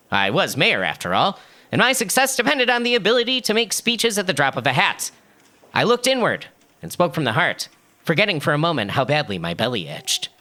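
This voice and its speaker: A man reading a first-person story aloud as scripted narration, in an expressive, animated storytelling manner. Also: a little high. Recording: music playing underneath.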